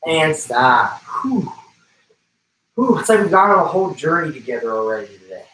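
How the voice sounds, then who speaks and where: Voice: mid-range voice, big pitch swings, moderate pace, fairly bright tone, distant mic, slight background noise. A personal trainer, out of breath, coaching a livestream workout, calling out intervals and form cues with some joking. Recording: roomy, away from the mic.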